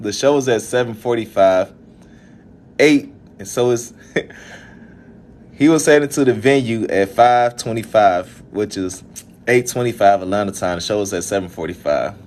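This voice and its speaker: A man's voice: mid-range voice, darkish tone. A young man from Alabama with a Southern accent, venting in a casual vlog with frustrated laughs. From Birmingham, Alabama. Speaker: event organizer.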